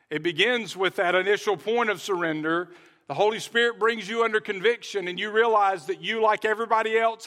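Bright-voiced man preaching a sermon. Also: high voice. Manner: earnest preaching with repeated phrases and restarts. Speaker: pastor.

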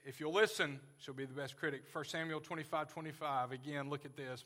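A man's voice: on the high side, fairly quick, hardly any pauses, sharp tone. A man in his forties preaching a sermon as pastor, earnest and folksy, joking with his congregation. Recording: long hall reverb.

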